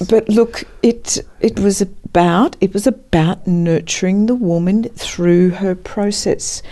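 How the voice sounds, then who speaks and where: A woman's voice: medium pitch, slow, dark tone. A woman, a counselor and former midwife, talking reflectively in an interview, searching for words with many restarts.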